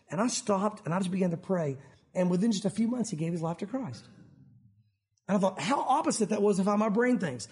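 A man's voice: sits high, fast talker. A middle-aged man preaching a sermon, telling stories and acting out the people he quotes. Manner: animated storytelling, acting out quoted voices. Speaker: pastor.

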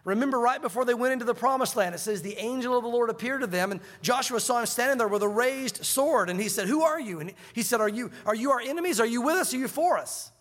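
A man's voice: very high-pitched, fast, hardly any pauses, fairly bright tone, big-room sound. A man preaching a sermon as pastor, telling stories with animation and acting out the voices of the people he quotes.

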